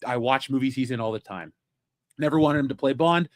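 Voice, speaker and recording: A man's voice: mid-range voice, fairly quick, no echo, clean studio sound. A man hosting a pop culture podcast, blunt and opinionated, cursing freely in casual chat. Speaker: podcast host.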